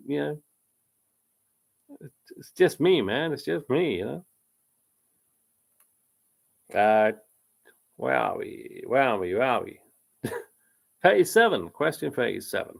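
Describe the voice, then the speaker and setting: A man's voice: mid-range voice, gravelly. A man hosting a live quiz stream, reading out chat comments and rambling casually about films, often breaking off mid-sentence and laughing.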